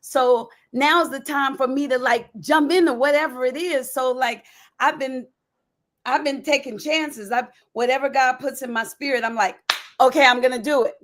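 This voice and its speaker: A woman hosting a podcast, talking in a lively, enthusiastic and emphatic way. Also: high-pitched, moderate pace. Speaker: podcast host. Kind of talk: casual interview talk.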